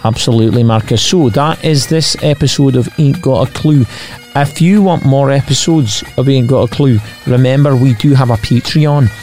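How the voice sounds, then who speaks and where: A man's voice: medium pitch, normal speed, darkish tone, soft background music. A man hosting a podcast, reading out facts and chatting casually. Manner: chatty, sweary, reads out facts. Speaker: podcast co-host. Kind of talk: casual chat.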